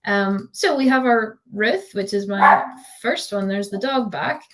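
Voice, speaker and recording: A woman's voice: mid-range voice, measured pace, very noisy. A woman tutor giving a live online design tutorial over a video call, chatty and giggly with lots of fillers.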